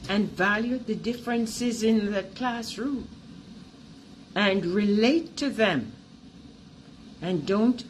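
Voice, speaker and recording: A woman's voice: medium pitch, a little hiss or hum. A middle-aged woman with a Jamaican accent, an earnest and emphatic teacher and artist giving a presentation about her artwork.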